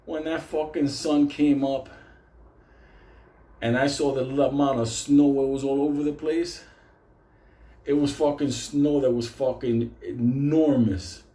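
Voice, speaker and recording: A man casually telling a story, animated and swearing constantly. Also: mid-range voice, measured pace, echoey room.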